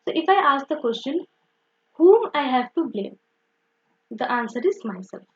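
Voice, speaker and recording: Lively high-voiced grammar teacher. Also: female voice, normal speed. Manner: repetitive, uses "okay" and "so" often, self-correcting. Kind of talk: explanatory teaching. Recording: dull lo-fi recording.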